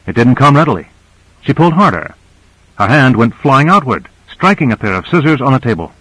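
A man reads an audiobook at an average pitch, steady and measured. His voice is dry and close, with no room sound. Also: no echo, rough recording. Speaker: narrator. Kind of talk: audiobook narration.

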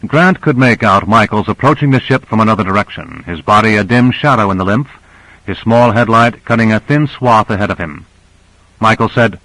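A man narrating an audiobook with steady, measured storytelling. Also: fairly low pitch, no room sound, poor audio.

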